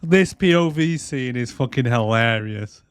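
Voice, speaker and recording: A man's voice: medium pitch, lively intonation, unhurried, clean tone, dry recording, studio quality. A man, co-hosting a movie podcast and retelling scenes with laughter and swearing. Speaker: podcast co-host. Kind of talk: casual chat.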